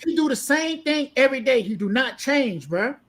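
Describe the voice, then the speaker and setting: High-voiced man in casual chat. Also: very animated, moderate pace, fairly bright tone.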